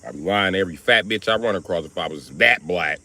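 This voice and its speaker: A man hosting a livestream, riffing through a crude comedic monologue and jumping into high put-on voices for quotes. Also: quick pace, sharp tone. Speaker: livestream host.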